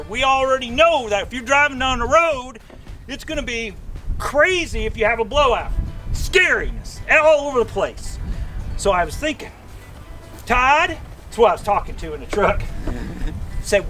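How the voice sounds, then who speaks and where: A man hosting a casual outdoor vlog, with a joking, folksy, excitable way of talking. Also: extremely high pitch, normal speed, far from the mic, faint music behind. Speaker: RV vlog host. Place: outdoors by a vehicle.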